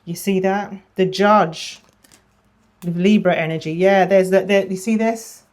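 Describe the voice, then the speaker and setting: A woman giving a casual tarot reading, chatty, often repeating phrases and dropping into a soft murmur. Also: mid-range voice, steady tone, measured pace. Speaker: tarot reader.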